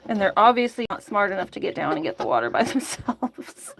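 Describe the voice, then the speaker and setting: A woman's voice: medium pitch, very animated, brisk, creaky, background noise. A woman chatting casually and coaxing her chickens to drink by their coop outdoors, laughing often. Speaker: chicken keeper vlogger.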